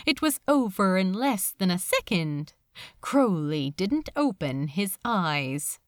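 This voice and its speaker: A woman reading a fan fiction story aloud with expressive, dramatic narration. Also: mid-range voice, slow, dry recording, clean studio sound. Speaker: reader.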